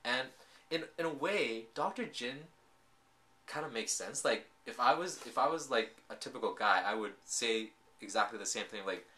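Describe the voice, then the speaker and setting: A bright-toned man chatting through a drama recap, animated and full of filler words. He talks at a middle pitch, casual and unscripted, like someone retelling a show to a friend. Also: moderate pace. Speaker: drama reviewer.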